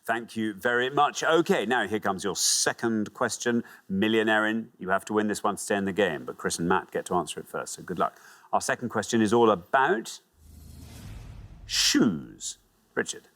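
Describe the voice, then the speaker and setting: Lively quiz show host man. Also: lowish voice, moderate pace. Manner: lively, reads clues crisply. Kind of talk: game show hosting. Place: TV studio.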